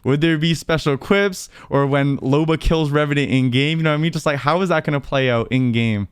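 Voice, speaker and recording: A man interviewing guests over a video call. His voice is smooth and resonant, and it sounds dry and close. He talks in a loose, chatty way, full of fillers and quick laughs. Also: on the high side, no echo. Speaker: interviewer and streamer host.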